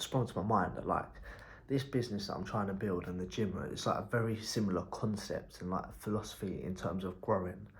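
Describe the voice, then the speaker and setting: Brief: young entrepreneur, low-ish voice, loose rambling vlog talk, blunt with casual swearing. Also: male voice. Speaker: entrepreneur vlogger.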